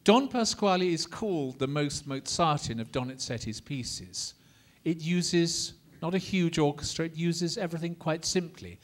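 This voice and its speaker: A man lecturing a class on opera in a lively, theatrical way, coaxing the students to repeat lines and demonstrating phrases. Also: a little high, normal speed, hardly any pauses.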